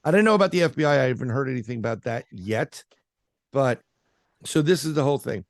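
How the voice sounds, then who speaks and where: A man's voice: medium pitch, animated, fast, no echo, studio quality. A man being interviewed as a paranormal researcher, telling a story in a casual, rambling way with lots of fillers and restarts.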